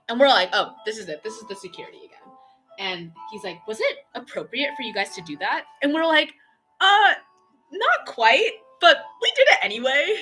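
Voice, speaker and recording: A young woman telling a long, excitable story on a painting stream, chatty and full of fillers and quoted dialogue. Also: medium pitch. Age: young adult.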